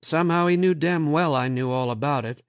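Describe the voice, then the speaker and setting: A man's voice: a little high, a little fast, clear, resonant tone, no room sound, studio quality, close to an everyday voice. A man voicing an anguished middle-aged department head, pleading with rising urgency. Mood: wry.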